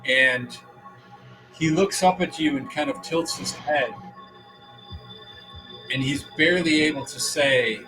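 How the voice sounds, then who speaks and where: A man serves as game master, describing the scene at a slow, deliberate pace. His storytelling is unhurried and descriptive. Music plays clearly in the background. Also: on the high side, low-quality recording. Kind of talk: narrating a tabletop game. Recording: music playing behind.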